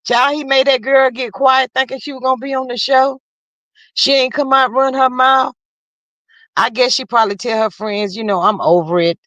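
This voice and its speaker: A woman chats her way through a live stream, reading comments and calling her viewers "y'all." Her voice sits a little high. The sound is dry and close to the mic. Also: fairly even intonation, normal speed, a bit bright, no echo, muffled recording. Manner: chatty, folksy, talks straight to viewers with "child" and "y'all". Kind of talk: casual live-stream chat.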